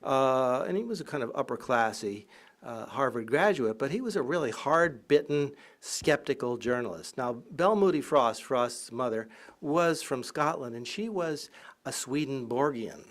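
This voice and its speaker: A college professor with a mid-range voice talks at a normal pace through a humorous public lecture. He strings together anecdotes, keeps the mood lively and irreverent, and regularly dissolves into laughter or irreverent side comments.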